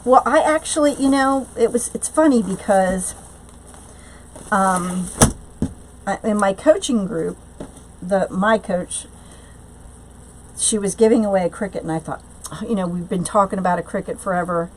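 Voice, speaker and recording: A craft channel host of middling pitch runs a live tutorial, chatting loosely and answering viewers' comments as they arrive. She speaks at normal speed with frequent pauses, fillers, and trailing restarts, and the rough recording carries a faint hiss.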